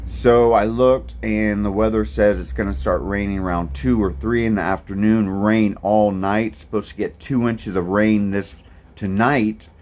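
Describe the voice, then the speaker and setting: A man's voice: lowish voice, fairly even intonation, unhurried, darkish tone. A man, talking casually and rambling a bit as he vlogs about his hike. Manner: easygoing, rambling, lots of ums. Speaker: thru-hiker vlogger. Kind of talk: casual vlog monologue.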